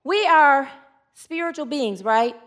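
A woman preacher giving a humorous sermon, lively and chatty with the congregation. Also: sits high, slow pace. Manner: lively, chatty with the audience, laughs easily.

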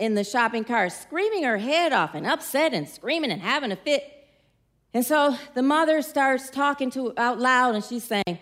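At a church gathering, a middle-aged woman with a strikingly high voice gives an informal sermon. She spins stories in a warm, chatty, playful manner and asks the congregation questions so they call back to her.

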